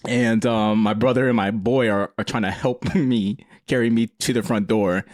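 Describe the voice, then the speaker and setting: A man's voice: on the low side, fairly even intonation, normal speed, a little mellow, no room sound, studio quality. A man on a podcast as a guest, telling a rambling party story in casual chat and laughing often.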